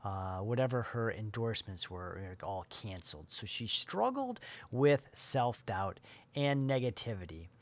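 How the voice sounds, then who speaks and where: A man's voice: fairly low pitch, sing-song, a little slow. Rambling motivational coach, a man. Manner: rambling, many fillers and restarts. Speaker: life coach. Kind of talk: motivational talk.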